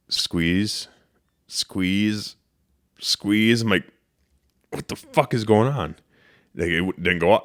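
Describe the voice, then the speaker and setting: A man hosting a podcast, telling a story casually and animatedly, swearing and acting out what he said. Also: sits low. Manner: animated, profane, acts out his own quotes. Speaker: podcast host.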